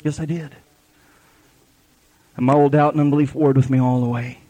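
A man's voice: medium pitch, flat delivery, moderate pace, warm tone. A man preaching a sermon at a live church service, fervent and repetitive, with folksy grammar.

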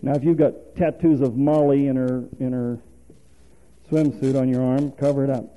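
A man's voice: medium pitch, flat delivery, normal speed, mellow, poor audio. A male preacher giving a folksy, conversational sermon, quizzing the congregation and chuckling often.

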